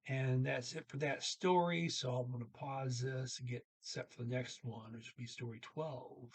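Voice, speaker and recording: A man's voice: medium pitch, fairly even intonation, normal speed, slightly rough. A man teaching a language lesson, thinking aloud with many fillers and restarts, speaking.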